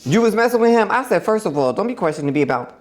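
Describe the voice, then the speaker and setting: Animated, profane woman telling a story. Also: mid-range voice, racing. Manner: animated, profane, acts out quotes with laughter. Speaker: podcast host. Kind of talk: casual storytelling chat.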